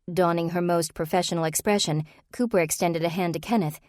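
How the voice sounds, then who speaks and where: A woman reading a cozy mystery novel aloud in a steady, even manner. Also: fairly low pitch, brisk, no room sound, clean studio sound. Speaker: audiobook narrator. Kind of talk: scripted narration.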